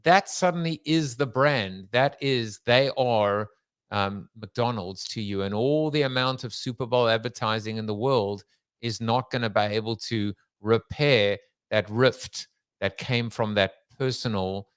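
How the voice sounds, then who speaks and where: A man's voice: mid-range voice, measured pace, a bit bright, smooth, no room sound. Chatty male podcast host, dry sound. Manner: chatty, playful, many "um"s. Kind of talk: casual podcast interview.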